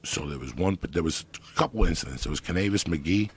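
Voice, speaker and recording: Deep gravelly guy swearing his way thru a story, voice bouncing all over. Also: fast. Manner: profane, animated storytelling. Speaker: guest storyteller. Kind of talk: casual podcast storytelling.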